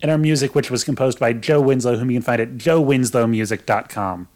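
A man's voice: mid-range voice, brisk, a little mellow. Jokey, laughing male podcast co-host. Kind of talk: casual podcast chat.

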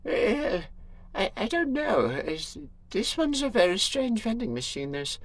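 Give me a man playing a frail old retiree, breathy and halting. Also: high-pitched, very animated, no echo, heavily acted. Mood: weary. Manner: halting, trailing off.

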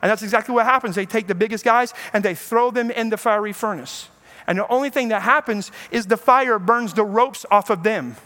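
Pastor, male, high voice, lively storytelling preacher who plays out the quotes. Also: a little fast. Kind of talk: sermon.

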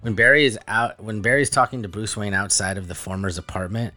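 A man co-hosting a podcast, sharing movie trivia in a halting way with many fillers. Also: lowish voice, steady tone, pushed and bright, soft background music. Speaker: podcast co-host. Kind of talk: casual movie chat.

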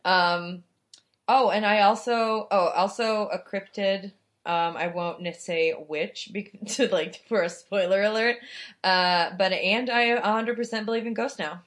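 A woman's voice: medium pitch, fairly even intonation, measured pace, a bit bright. A young woman co-hosting a podcast, talking casually with lots of swearing, fillers and laughter. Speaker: podcast co-host. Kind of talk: casual chat.

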